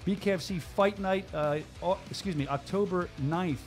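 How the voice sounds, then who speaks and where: A man hosting a casual bare knuckle fighting talk show, talking quickly and excitably, often restarting his sentences. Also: high-pitched, faint music behind. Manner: fast, excitable, stumbling restarts. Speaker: show host.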